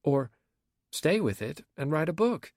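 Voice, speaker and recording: A man voices a frank, teasing young woman in an exaggerated, very animated way, pitching above his own voice to land on the high side. His pace is measured and his tone darkish, in a dry recording with clean studio sound.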